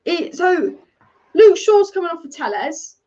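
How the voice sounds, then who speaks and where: Very high-pitched and sing-song, with a warm tone, her voice comes through on dull audio. She hosts a live football watch-along for her fan channel, reacting to the match in a chatty, opinionated, rapid-fire way and reading viewer comments.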